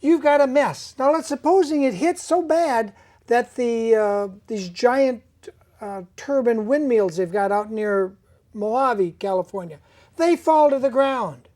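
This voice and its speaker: A woman hosting an interview in casual chat, animated and talking through long what-if scenarios. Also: fairly high pitch, a little slow.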